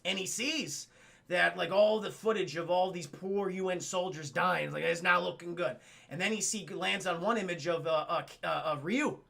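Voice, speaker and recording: A man recapping a film on a live stream, excitable and profane, often laughing. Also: high-pitched, moderate pace, gravelly.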